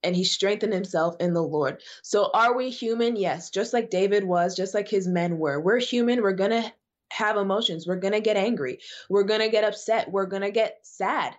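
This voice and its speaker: Speaking at a medium pitch and normal speed, a woman preaches as a guest evangelist on a podcast, emphatic and repetitive in her phrasing for emphasis. The audio is dull.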